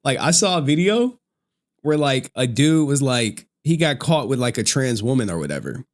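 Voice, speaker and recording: A man's voice: medium pitch, very animated, moderate pace. A man ranting on a livestream in crude slang, laughing often. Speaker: streamer commentator. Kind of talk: casual livestream rant.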